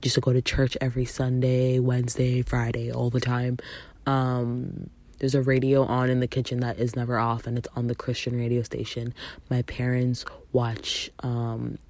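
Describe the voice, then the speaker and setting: A young woman with a low, gravelly voice talks candidly on her solo podcast. She swears freely and acts out the people she quotes with sudden leaps in pitch. Her voice sounds dry and close to the mic. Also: monotone, moderate pace, a little mellow, no room sound. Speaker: podcast host. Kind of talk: casual solo podcast talk.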